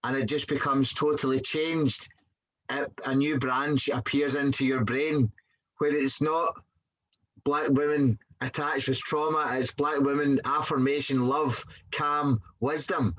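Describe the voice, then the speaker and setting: A man's voice: mid-range voice, steady tone, measured pace, fairly bright tone, dull audio. A man earnestly explaining his reflections on a guest's story. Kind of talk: reflective commentary.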